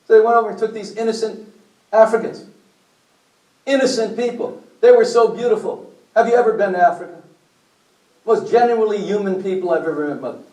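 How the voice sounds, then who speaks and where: A man's voice: high voice, brisk, pauses often, dark tone. A man giving a blunt, preachy talk to a group at a health meeting, throwing questions at the audience. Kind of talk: impassioned lecture to a group. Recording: echoey room from far off.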